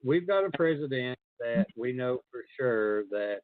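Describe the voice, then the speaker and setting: A man's voice: medium pitch, expressive, measured pace, no room sound. A man hosting a call-in show, asking conversational, probing questions. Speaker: host. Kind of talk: casual call-in chat. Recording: tinny phone line.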